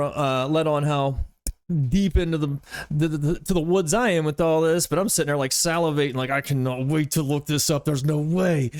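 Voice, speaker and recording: A man's voice: fairly high pitch, dry recording, studio quality. A man, a comedian, rambling casually as he reacts to online videos, with lots of fillers. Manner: rambling, chatty, filler-heavy.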